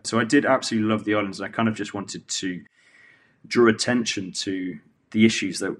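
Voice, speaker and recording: A man interviewed as a veterinarian and charity founder speaks in a lowish voice. He talks modestly and hesitantly about his work. His style is relaxed and conversational. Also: fairly quick. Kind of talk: casual interview chat.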